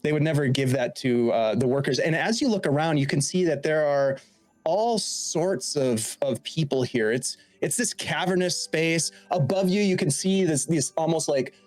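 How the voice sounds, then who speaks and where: Halting male game master narrating. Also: fairly high pitch, a little mellow, no room sound, faint music behind. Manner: descriptive, halting with frequent restarts.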